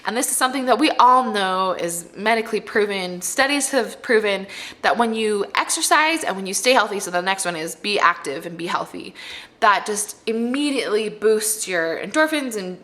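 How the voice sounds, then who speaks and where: Young pregnant mom vlogger, heartfelt and earnest, bright tone, casual to-camera advice. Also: female voice, medium pitch, lively intonation, normal speed. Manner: earnest and heartfelt, addressing moms directly. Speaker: mommy vlogger.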